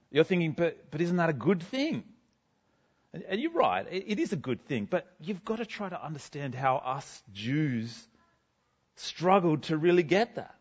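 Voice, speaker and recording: A man's voice: on the high side, lo-fi sound. A man giving a first-person sermon in character as a cheerful, chatty apostle, talking to a congregation in a school gym. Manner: chatty, self-deprecating, bubbly. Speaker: guest speaker.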